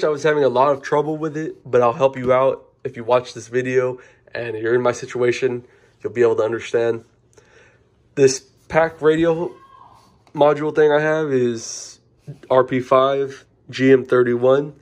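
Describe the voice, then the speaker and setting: Young adult male, informal DIY explainer, chatty and rambling, mid pitch. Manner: rambling, informal, self-correcting. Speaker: car audio DIY reviewer. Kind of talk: casual how-to explanation.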